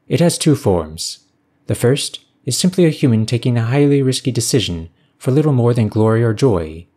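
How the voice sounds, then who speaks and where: A man's voice: medium pitch, expressive, normal speed, mellow, slightly rough. A man voicing an alien lecturer who teaches a class about humans in a formal, didactic tone.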